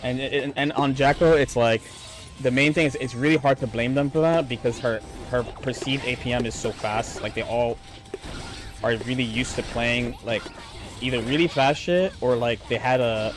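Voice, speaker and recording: A man's voice: medium pitch, normal speed. A man streaming a fighting game, talking through his matches with frequent swearing and frustrated outbursts. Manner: frustrated, swearing, talks to opponent. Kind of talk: live gameplay commentary. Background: game music.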